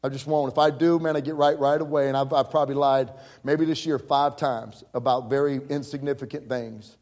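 A man's voice: mid-range voice, steady tone, brisk, a little mellow. A man preaching a personal story, acting out the voices of people he quotes, with frequent repeated words. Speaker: pastor. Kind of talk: storytelling sermon.

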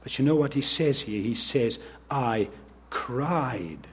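A man's voice: medium pitch, animated, takes it slowly, husky. A man preaching an earnest sermon as pastor, reading scripture and speaking directly to the children.

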